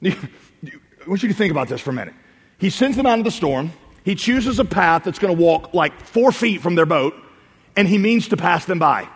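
Animated high-voiced preacher in a reverberant hall. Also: male voice, normal speed, breathy edge. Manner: animated preaching, swings from loud to quiet. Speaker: pastor. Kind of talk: sermon. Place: church sanctuary.

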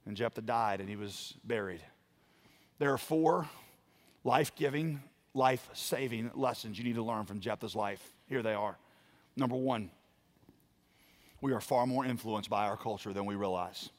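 A man preaching a sermon, building to loud emphatic lines and dropping to quiet ones. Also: fairly low pitch, moderate pace, long pauses. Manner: emphatic preaching, dramatic swings in volume. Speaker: pastor.

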